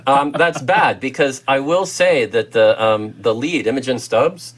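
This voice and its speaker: A man's voice: mid-range voice, a little slow, fairly bright tone. A man with an American accent reviewing a film as co-host, enthusiastic and rambling with lots of fillers and restarts. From United States. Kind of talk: casual film review chat.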